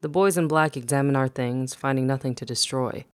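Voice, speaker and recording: A man narrates a first-person memoir at a middle pitch. His reading is measured and even, with no notable strain or hurry. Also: clear, resonant tone, no room sound, studio quality.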